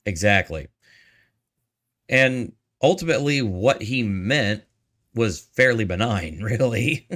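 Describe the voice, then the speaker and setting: A man with a fairly low voice speaks as a guest on a video call. He talks casually but leans hard on his points, sounding exasperated. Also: animated, takes it slowly, pauses often, fairly bright tone. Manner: emphatic, exasperated opinions. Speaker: podcast guest. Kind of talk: casual chat.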